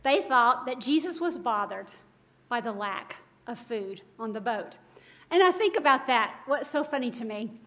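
A woman's voice: a little high, lively intonation, moderate pace, fairly bright tone. A woman giving a devotional Bible teaching, earnest and emphatic, full of rhetorical questions.

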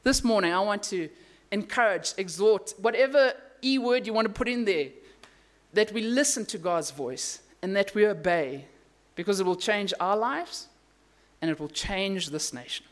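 A pastor preaching a sermon, telling a story with emphatic rises and quiet, hushed drops, and making casual asides. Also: mid-range voice, expressive, normal speed. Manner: casual asides and self-corrections.

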